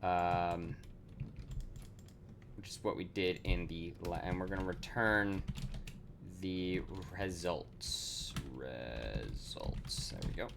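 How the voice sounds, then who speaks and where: A man's voice: sits low, slow pace, gravelly, background noise. A man thinking aloud as he codes on a live stream, full of fillers and self-corrections, swearing casually and laughing at himself.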